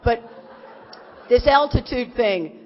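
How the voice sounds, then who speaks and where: Animated middle-aged woman telling stories in a hall. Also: on the high side, slow pace, a little hiss or hum. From Texas. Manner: animated, rambling, acts out quotes of others. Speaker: speaker at a recovery convention. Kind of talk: humorous personal storytelling talk. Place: large convention hall. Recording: echoey hall, dull lo-fi sound.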